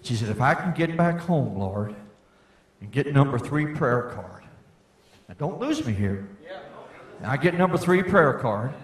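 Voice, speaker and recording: An older man giving a folksy testimony sermon, rising to fervent shouts. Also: medium pitch, sing-song, unhurried, pauses often. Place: church meeting hall. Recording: echoey hall.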